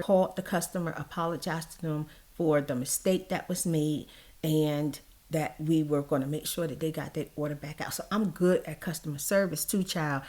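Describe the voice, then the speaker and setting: A middle-aged woman telling a personal story in casual vlog chat, acting out the people she quotes. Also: lowish voice. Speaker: vlogger.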